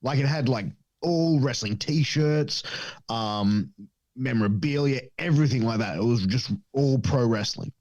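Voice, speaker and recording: A man spins loose, rambling stories full of swearing and filler words. His voice sits at an ordinary pitch, and the dry, close sound has no room echo. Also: a little slow, a little mellow, lo-fi sound. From Australia. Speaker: podcast guest. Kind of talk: casual storytelling chat.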